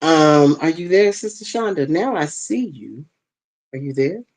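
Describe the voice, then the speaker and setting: A chatty host on a live stream who talks straight to the chat and leans on y'all and ain't. They fuss aloud over technical trouble while teaching a class from a tablet with bone-conduction headphones on. The voice sits at an ordinary middle pitch. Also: animated, unhurried, a little mellow, rough recording. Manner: uses plenty of y'all and ain't.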